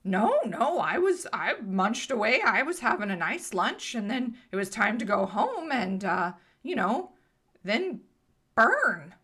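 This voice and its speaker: A woman voicing a timid, simple pony who talks in halting, rambling bursts. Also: on the high side, big pitch swings, a bit bright, husky, heavily acted. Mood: plaintive.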